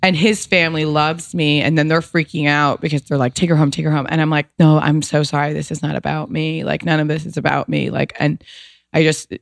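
A woman's voice: low voice, little pitch movement, a little fast, creaky, no echo, clean studio sound. A woman in her thirties, a podcast guest, telling a personal story candidly and emotionally, swearing casually and filling with "like".

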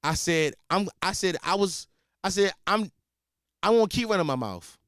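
Animated, profane male comedy podcaster. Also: high-pitched, moderate pace, clean tone, dry recording, studio quality. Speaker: podcast host. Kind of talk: comedic storytelling.

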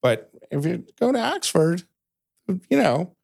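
A man's voice: sits high, very animated, a little slow, vocal fry, darkish tone, no echo. A man co-hosting a podcast in casual chat, with a dry joking manner, who also reads short news items. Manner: dry joking, stumbles and restarts. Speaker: podcast co-host.

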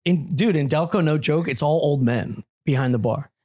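A man's voice: a little high, moderate pace, a little mellow. A man co-hosting a comedy podcast, ranting with profanity in casual banter. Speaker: podcast co-host.

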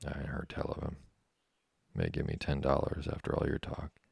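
A man voicing a gruff, dry old fishing-schooner skipper in a slow, folksy dialect, read as part of an audiobook. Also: a bass voice, animated, a little mellow, no echo, full character voice. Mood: dry, unhurried. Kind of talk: audiobook character reading.

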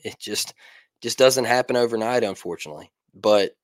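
A man co-hosting a casual sports talk podcast, hoarse with his voice mostly gone, talking excitedly and laughing often. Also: fairly low pitch, moderate pace, no echo. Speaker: podcast co-host.

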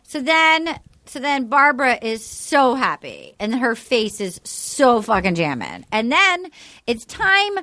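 A young adult woman hosting a podcast, chatting casually in an animated way, acting out quotes and swearing freely. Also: fairly high pitch, a little slow, hardly any pauses, no room sound. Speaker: podcast host. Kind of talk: casual chat recap.

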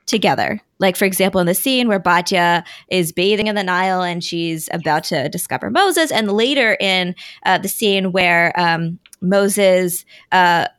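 A woman co-hosting a casual group podcast chat, animated and enthusiastic. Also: fairly low pitch, moderate pace, few pauses, clean tone, no room sound, clean studio sound. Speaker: podcast co-host.

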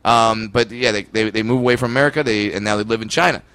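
Bright-voiced man in casual banter. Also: lowish voice, fast talker, slight background noise. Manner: laughing, stammering restarts, drops into silly voices. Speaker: podcast co-host and comedian. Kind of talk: casual chat.

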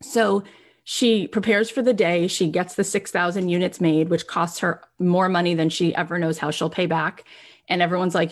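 A woman's voice: on the low side, steady tone, normal speed. A middle-aged woman giving a motivational talk, telling a story earnestly and acting out the other people's lines. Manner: earnest, acts out quoted voices. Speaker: motivational speaker.

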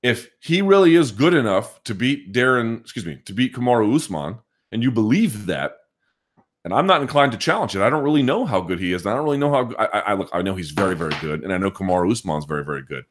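Low-voiced man hosting a live chat. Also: lively intonation, fast. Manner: thinking aloud, frequent restarts and hedging. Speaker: podcast host answering live chat. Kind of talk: casual live chat commentary.

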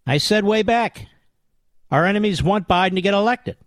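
A man's voice: sits high, expressive, moderate pace, dry recording. A man hosting a political talk radio show, delivering a combative, indignant monologue with emphatic repetition.

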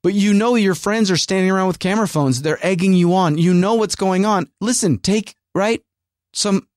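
A man's voice: high-pitched, dry recording, clean studio sound. A man hosting a casual solo rant, rambling and sarcastic, full of fillers and restarts. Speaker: podcast host and working actor.

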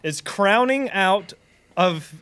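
A man's voice: high-pitched, animated, takes it slowly, fairly bright tone, clear, resonant tone. A man on a comedy game show, playfully telling a silly made-up story with chuckles. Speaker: game contestant. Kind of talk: improvised comedy banter.

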